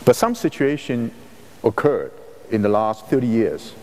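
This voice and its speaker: A man's voice: medium pitch, sing-song, a little mellow, slight background noise. Lecturing man in a reverberant hall. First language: Chinese. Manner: measured, halting, rephrases mid-sentence. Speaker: university lecturer. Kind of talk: academic lecture.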